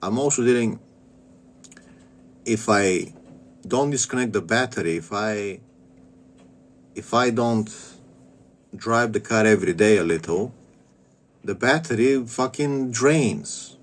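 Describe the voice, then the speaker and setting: A man's voice: fairly low pitch, slow pace, long pauses. A man in his thirties from Bulgaria, ranting casually in a crude, rambling way with stammered repeats. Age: 30s. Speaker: vlogger. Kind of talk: casual rant.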